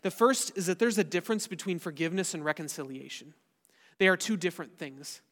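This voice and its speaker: A pastor preaching a sermon to his church, earnest and often dropping softly at the end of a point. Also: high voice, brisk, in a large hall. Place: church sanctuary.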